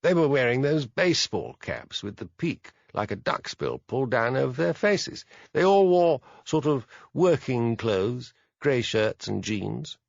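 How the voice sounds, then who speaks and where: A man's voice: medium pitch, sing-song, a little slow, gravelly, hardly any pauses, no room sound, highs cut off. A man voicing a proud, stern landowner in his late fifties in an audiobook, speaking in a clipped, haughty way.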